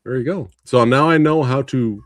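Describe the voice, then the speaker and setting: A man's voice: mid-range voice, moderate pace, no echo, clean studio sound. A man hosting a casual podcast chat, joking and laughing often. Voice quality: laughs often, jokey, throws in a mock English accent. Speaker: podcast host.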